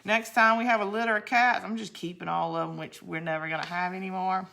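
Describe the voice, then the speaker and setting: Bright-voiced chatty woman. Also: medium pitch, fairly even intonation, fast, vocal fry, slight background noise. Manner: chatty and rambling, laughs often, drops to a quiet count under her breath. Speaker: crafting channel host. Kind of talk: casual chat while crafting.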